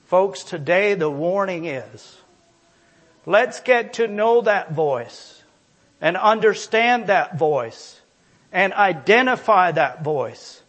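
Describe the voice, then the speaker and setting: A man's voice: high voice, animated, takes it slowly, fairly bright tone. A male preacher giving a sermon, emphatic and repetitive, reading scripture aloud.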